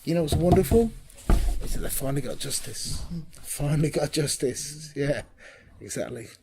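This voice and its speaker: A man being interviewed about his band, telling stories in a chatty, lively way, sometimes dropping to a whisper for emphasis. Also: on the high side, moderate pace, vocal fry, noisy background. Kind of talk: casual anecdotal interview.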